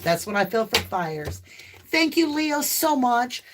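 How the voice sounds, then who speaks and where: A woman with a light Southern US accent, hosting a live tarot stream in casual chat, talkative and laughing often, breaking into loud whoops. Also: a little high, big pitch swings, slow, background noise. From American South.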